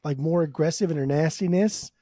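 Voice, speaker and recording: A man's voice: a little high, a little fast, mellow, no echo, studio quality. A man co-hosting a podcast in casual chat, joking and swearing freely. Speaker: podcast co-host.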